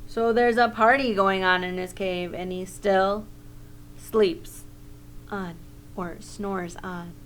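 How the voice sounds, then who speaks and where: A woman teacher reading a picture book aloud to children in a gentle way, pausing to comment and ask questions. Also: mid-range voice, steady tone, slight background noise.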